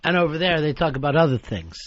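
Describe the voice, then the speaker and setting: A man's voice: fairly high pitch, sing-song, quick pace, no room sound. A man hosting a radio talk show, teasing his co-host with sarcastic jabs in casual banter. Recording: dull radio broadcast with faint music.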